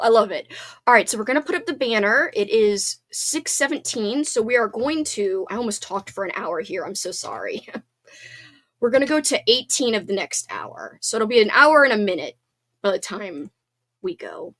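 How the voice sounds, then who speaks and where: Woman live-stream host, casual chatter, higher voice, congested, bubbly and apologetic. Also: expressive, moderate pace, fairly bright tone. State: congested, sniffling. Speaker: livestream host.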